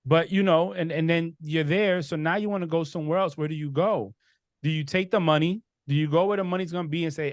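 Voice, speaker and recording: A man hosting a casual sports podcast, giving blunt, animated opinions. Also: on the high side, quick pace, no room sound, studio quality. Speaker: podcast host.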